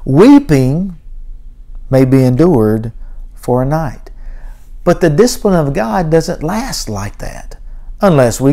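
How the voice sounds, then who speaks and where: A man's voice: medium pitch, warm tone. Earnest guy preaching in church, reads scripture out, pushes up on the big words. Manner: earnest, reads scripture aloud with rising emphasis. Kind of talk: sermon. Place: church sanctuary.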